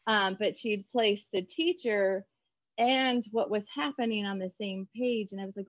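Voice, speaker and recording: A woman author chatting in an interview, bubbly and quick, acting out her own remarks in lively voices. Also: mid-range voice, no echo, highs cut off. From United States. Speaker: author guest. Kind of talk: casual interview chat.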